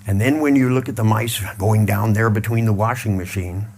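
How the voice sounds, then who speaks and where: A man leading a live audience through a mental exercise, mixing blunt swearing with calm repeated cues. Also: lowish voice, a little fast, a little hiss or hum. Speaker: seminar trainer.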